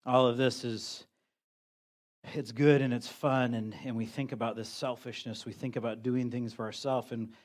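A man's voice: mid-range voice, little pitch movement, moderate pace. A middle-aged man, a pastor, preaching a sermon in a conversational, self-deprecating way, often restarting his sentences.

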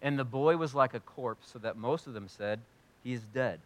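A man preaching a sermon in an animated way, swinging from loud, emphatic lines to quiet, low ones. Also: normal speed. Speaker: pastor.

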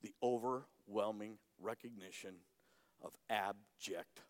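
A male pastor preaching a sermon dramatically, swinging between loud emphasis and hushed lines. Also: fairly low pitch, fairly even intonation, slow. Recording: echoey hall.

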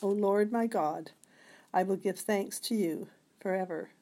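A woman reading scripture passages aloud in a measured way, sometimes stumbling over a word. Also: medium pitch, dark tone. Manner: measured reading with occasional slips. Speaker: scripture reader.

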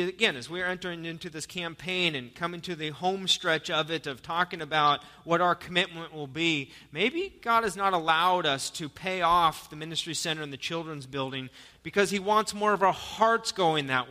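A man's voice: a little high, bright, forceful tone, long reverb tail. A male pastor preaching an earnest sermon in a church, telling jokes and stories to the congregation. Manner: storytelling with jokes, earnest and exhorting. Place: church sanctuary.

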